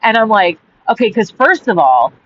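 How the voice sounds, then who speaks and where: A woman's voice: medium pitch, big pitch swings, normal speed. Profane ranting woman storyteller. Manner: profane, rambling and heated. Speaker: author and podcast host. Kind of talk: personal ranting monologue. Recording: dull audio with faint background hiss.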